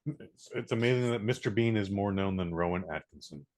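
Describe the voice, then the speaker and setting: A man's voice: lowish voice, a little mellow. A man from the United States co-hosting a podcast in easygoing casual chat, hesitant, with many fillers. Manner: easygoing, hesitant, lots of fillers and quick reactions. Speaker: podcast co-host.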